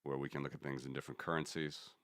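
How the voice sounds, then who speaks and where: A man's voice: extremely low pitch, little pitch movement, fast talker, fairly bright tone, clean tone, no echo, clean studio sound. A man hosting a casual commentary stream, rambling and correcting himself as he talks through charts. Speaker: host.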